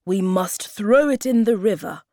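A woman voicing a serious, firm troll father in a storybook, speaking with a louder, firmer voice. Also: medium pitch, lively intonation, a little slow, dry recording, clean studio sound, pitched above the performer's own voice.

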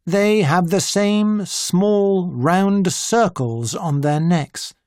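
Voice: medium pitch, very slow, darkish tone, dry recording, studio quality. A reader voicing a grave old vampire-hunting doctor. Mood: earnest. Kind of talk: audiobook character voice.

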